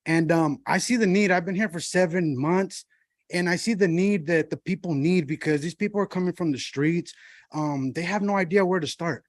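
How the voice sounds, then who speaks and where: A man's voice: sits high, normal speed, no echo, studio quality. A man, a shelter monitor, giving a heartfelt public comment at a city council meeting, often saying "you know.".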